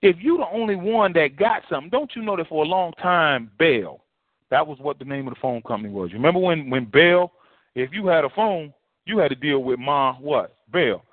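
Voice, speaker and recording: A man's voice: a little high, lively intonation, normal speed, dry recording. A male pastor preaching a sermon in a folksy, repetitive way, full of rhetorical questions. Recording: tinny phone-line sound, dry.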